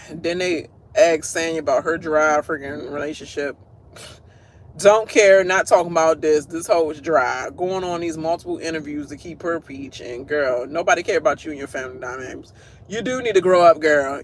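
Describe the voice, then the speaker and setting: A man with a fairly high voice rants through a TV recap in a casual, blunt way. He swears freely and keeps breaking into laughter. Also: normal speed, slight background noise. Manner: blunt and profane, laughs often. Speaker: show recap host. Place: at work.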